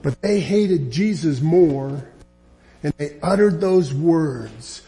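A man's voice: a little high, animated, slow pace, mellow. A man preaching a sermon, building emphatic, repetitive lines that grow more insistent.

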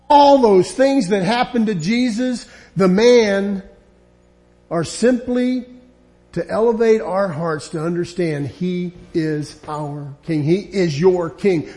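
A man's voice: high voice, slow pace, warm tone. A man preaching a sermon, building emphatic, repetitive lines that grow more insistent.

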